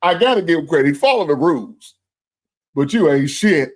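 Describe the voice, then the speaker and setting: A man's voice: a little high, animated, brisk. A man hosting a livestream sports show, venting with profane, heated talk about his team's loss and calling out viewers directly. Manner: addresses viewers and super chat senders directly.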